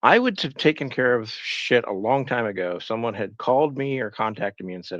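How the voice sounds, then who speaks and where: A man's voice: mid-range voice, expressive, brisk, few pauses, fairly bright tone, no echo, muffled recording. A man co-hosting a casual live-stream chat, giving blunt, matter-of-fact commentary. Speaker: stream co-host.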